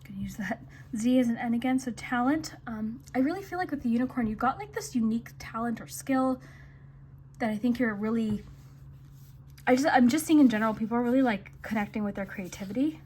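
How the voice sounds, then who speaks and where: A woman's voice: fairly high pitch, a little fast, darkish tone, slight background noise. Chatty woman giving a tarot reading. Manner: chatty, filler-heavy, reassuring. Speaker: tarot reader. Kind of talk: casual intuitive reading to camera.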